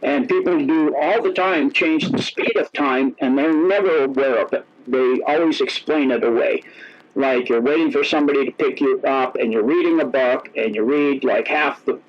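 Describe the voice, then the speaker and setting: A man's voice: mid-range voice, moderate pace. Rambling storyteller man, lo-fi sound. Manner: rambling, self-correcting, acts out quoted dialogue. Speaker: interview guest. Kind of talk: casual storytelling. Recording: dull lo-fi audio.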